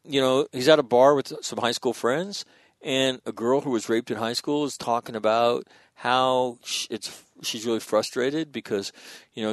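A man's voice: mid-range voice, no echo. Guy hosting a podcast, swears a lot, tells stories all worked up, dry close mic. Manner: profane, animated storytelling with frequent restarts. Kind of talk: casual podcast conversation.

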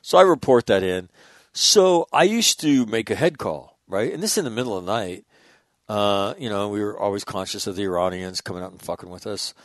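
Animated man in his sixties, dry sound. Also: lowish voice, brisk, no room sound. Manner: profane, animated anecdotes. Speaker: guest, former military officer. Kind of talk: casual storytelling.

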